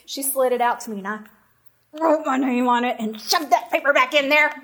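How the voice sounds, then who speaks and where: A middle-aged woman, telling a personal story to an audience in an animated, emphatic way. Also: high-pitched, a little fast. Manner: animated, emphatic, talks straight to listeners. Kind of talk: personal anecdote told to an audience.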